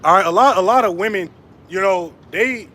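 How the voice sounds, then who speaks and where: A male street preacher with a high, light voice addresses passersby outdoors. He swears and mocks between chuckles, then slows down and raises his voice to read scripture. Faint street noise sits behind him. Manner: profane and mocking, laughing between taunts; reads scripture slower and louder. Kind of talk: live-streamed street preaching.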